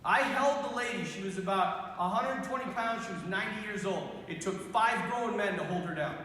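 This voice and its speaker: A young male priest giving an animated youth talk, telling stories with quoted voices, in a large school gym. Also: high-pitched, moderate pace, heavy reverb, big-room sound, a little hiss or hum.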